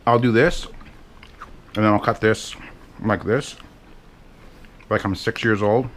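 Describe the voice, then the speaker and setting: A man's voice: on the low side, steady tone, slow pace, a little hiss or hum. A man chatting casually and rambling with profane, self-mocking asides while he cooks in his home kitchen. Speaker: cooking vlogger. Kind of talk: casual cooking vlog chat.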